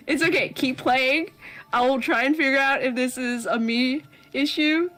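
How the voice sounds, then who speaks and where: A woman's voice: sits high, measured pace, a bit bright, soft background music. A woman chatting playfully on a game stream, giggling often and teasing with jokes. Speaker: co-host guest on a game stream. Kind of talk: casual chat.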